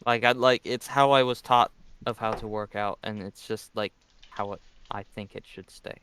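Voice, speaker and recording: A man on a voice call, explaining himself earnestly, halting and restarting often. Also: fairly low pitch, steady tone, a bit bright, a little hiss or hum. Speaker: friend on a voice call. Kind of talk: casual chat.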